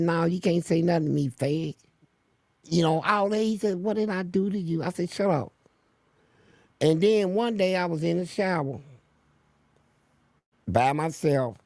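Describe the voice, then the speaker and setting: A man's voice: on the high side, vocal fry, darkish tone, no echo. A man telling blunt, profane stories as a guest in an interview. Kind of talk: storytelling interview.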